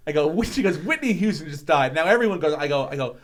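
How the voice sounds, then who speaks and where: A man's voice: a little high, rapid-fire, hardly any pauses. A man, telling stories as a comedian guest on a casual podcast, swearing and acting out quotes. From Long Island, New York. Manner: animated, swearing, acts out quotes with laughter.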